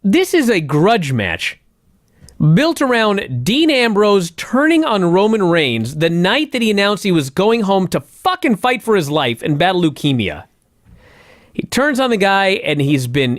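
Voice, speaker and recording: Brief: male co-host, sarcastic profane ranter, fairly high voice with big swings, dry close sound. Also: big pitch swings, a little slow, no room sound. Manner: ranting, sarcastic, swears a lot. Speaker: podcast co-host. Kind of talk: casual profane wrestling review chat.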